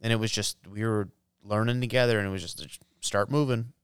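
A man in his thirties telling a hunting story in casual podcast chat, animated, laughing often and swearing freely. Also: on the low side, fast, clear, resonant tone, no room sound, clean studio sound. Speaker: podcast co-host.

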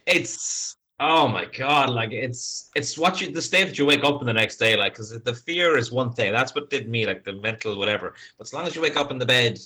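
A man hosting a podcast, with a bright, forceful tone at an average pitch. He chimes in with exclamations and dry asides. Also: lively intonation, brisk, few pauses. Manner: reacting, exclaiming, wry remarks. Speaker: podcast host. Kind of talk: casual chat.

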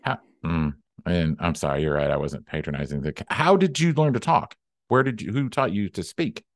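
A man's voice: low voice, fairly quick, dry recording, studio quality. A man performing improv comedy as a flustered, incredulous farmer.

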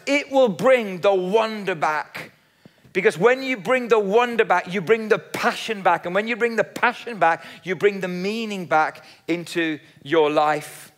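A man's voice: sits high, fairly bright tone. A man preaching a sermon in an earnest, emphatic style, often repeating key phrases. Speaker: pastor.

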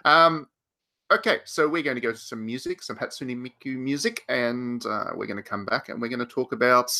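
A man's voice: medium pitch, brisk, sharp tone. Jokey male podcast host. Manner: jokey, teasing, laughs often. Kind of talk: casual podcast chat.

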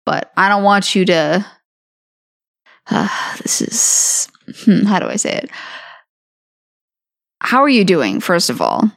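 A woman's voice: on the low side, sing-song, takes it slowly, vocal fry, pauses often, a bit bright, dry recording, clean studio sound. A woman player roleplaying her character in a tabletop game, hesitant and searching for words.

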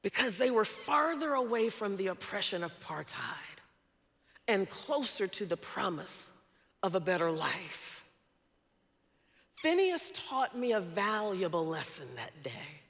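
A woman's voice: medium pitch, very animated, unhurried, a bit bright, big-room sound. A woman preacher telling a personal story in a sermon, earnest and emphatic.

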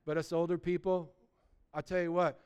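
A man, preaching a sermon, animated, swinging between loud bursts and quiet asides. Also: fairly high pitch, normal speed, smooth. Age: 60s. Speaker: pastor.

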